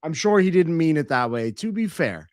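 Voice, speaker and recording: A man's voice: fairly high pitch, expressive, moderate pace, no echo, clean studio sound. A man giving profane, sarcastic reaction commentary on video clips. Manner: sarcastic, mocking, swears often.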